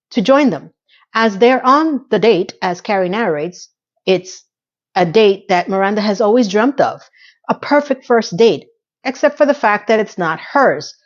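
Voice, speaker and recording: A woman's voice: mid-range voice, highs cut off. A woman giving a casual, chatty recap of a TV episode, with asides and playful impressions. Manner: chatty and conversational, with asides, mock sound effects and impressions of characters.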